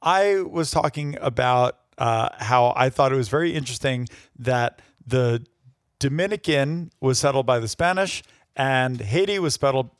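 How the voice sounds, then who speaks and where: A man's voice: mid-range voice, normal speed, dry recording, clean studio sound. A middle-aged man co-hosting a podcast, telling rambling stories in casual chat. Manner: rambling storyteller. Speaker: podcast co-host.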